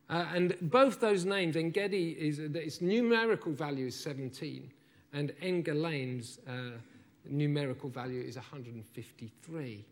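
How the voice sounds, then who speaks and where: A man preaching a sermon, telling a Bible story with lively, acted-out lines and asides to the congregation. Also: fairly high pitch. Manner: animated storytelling, acts out the disciples' lines.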